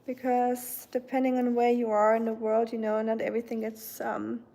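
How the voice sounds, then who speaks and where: Woman in her thirties, livestream host, casual rambling chat, mellow higher voice. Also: flat delivery, moderate pace. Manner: chatty, rambling, with frequent fillers. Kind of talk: casual chat reading viewer comments.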